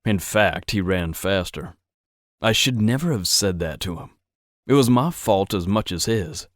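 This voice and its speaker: A man narrates a first-person romance audiobook with intimate, steady storytelling. His voice sits fairly low. The recording is dry and close, with no room sound. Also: unhurried, no room sound.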